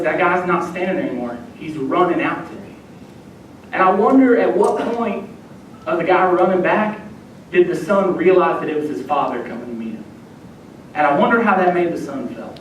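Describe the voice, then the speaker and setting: Young man preaching in an echoey church. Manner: storytelling, acting out quoted voices. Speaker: youth minister. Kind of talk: sermon. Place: church sanctuary. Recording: echoey church hall, distant mic, faint rumble.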